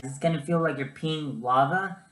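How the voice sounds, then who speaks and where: A man's voice: a little high, normal speed, reverberant, loud music behind the voice. A young man giving casual vlog advice, chatty and full of ums and uhs. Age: young adult. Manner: chatty, lots of ums and uhs, animated storytelling. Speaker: student vlogger.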